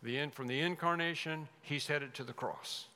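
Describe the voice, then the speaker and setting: A man preaching an expository sermon as pastor, emphatic, rising loud then dropping to a hush. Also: a little high, normal speed. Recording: long reverb of a large hall.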